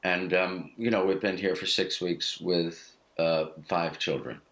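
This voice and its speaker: An American man in his fifties, chatting over a video call from his home studio, laid-back, self-mocking and quick to laugh. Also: low-pitched, steady tone, a bit bright. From United States. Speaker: guest actor. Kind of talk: casual chat.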